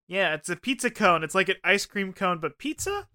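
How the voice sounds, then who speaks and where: A man's voice: sits high, very animated, normal speed, bright, forceful tone. A young man co-hosting a podcast, rambling and joking in casual chat, swearing freely. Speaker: podcast co-host.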